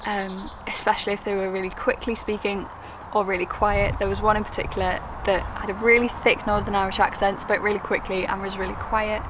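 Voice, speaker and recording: A young woman from the UK talking to camera in a quick, chatty, earnest way, with frequent ums. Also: mid-range voice, flat delivery. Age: young adult. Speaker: vlogger. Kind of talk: casual talk to camera. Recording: noisy background with traffic.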